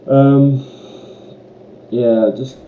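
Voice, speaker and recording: A man's voice: medium pitch, steady tone, extremely slow. A teenage boy with an Irish accent, rambling to camera with many ums and short laughs. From Ireland. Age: teens. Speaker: student vlogger. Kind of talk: casual rant to camera. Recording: lo-fi, echoey room, faint hiss.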